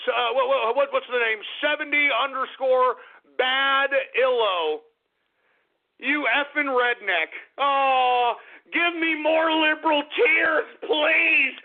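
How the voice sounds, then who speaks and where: A man hosting a talk radio show, ranting in a gloating, mocking way, shouting and cackling. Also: very high voice, a little slow. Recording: phone-like lo-fi radio broadcast.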